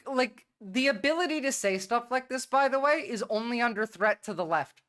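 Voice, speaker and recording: A woman's voice: a little high, expressive, moderate pace, fairly bright tone. A woman hosting a livestream, talking bluntly and rambling in casual commentary. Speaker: livestream host.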